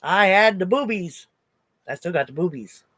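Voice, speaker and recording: Hosting a crochet livestream, a woman in her sixties speaks at a normal speed in a fairly low, expressive voice with a fairly bright tone, recorded dry. She shares casual stories with her live chat, laughing frequently and answering comments.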